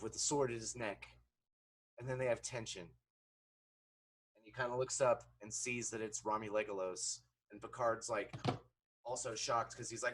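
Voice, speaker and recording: A man giving sarcastic, profane reaction commentary, swinging between low mutters and loud outbursts. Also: moderate pace.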